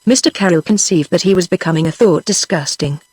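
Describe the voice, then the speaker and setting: A text-to-speech voice of a woman with a British English accent, narrating a historical novel in an even, steady way. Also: on the low side, brisk, husky, no echo, poor audio. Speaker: audiobook narrator. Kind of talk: synthetic audiobook narration.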